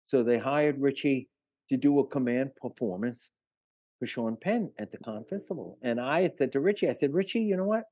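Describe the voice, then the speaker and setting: An older man talks as an interview guest in a mellow, low-toned voice. He rambles through stories with lots of fillers and restarts, and the sound is close and dry. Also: moderate pace, no echo. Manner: rambling, filler-heavy anecdotes. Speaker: retired musician guest. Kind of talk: casual interview storytelling.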